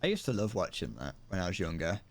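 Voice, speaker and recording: Fast-talking and sing-song, this low-voiced Brit in his twenties offers casual, joking commentary on his live game stream. He rambles in a playful way from his room at home.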